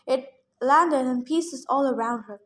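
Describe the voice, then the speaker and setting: A woman reading a novel aloud in first person, with steady storytelling. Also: high voice, unhurried. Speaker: reader.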